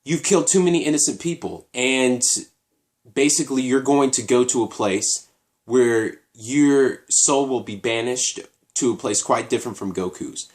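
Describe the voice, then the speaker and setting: A man's voice: medium pitch, moderate pace, natural voice. A man voicing a blunt, matter-of-fact male warrior mentor. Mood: grave.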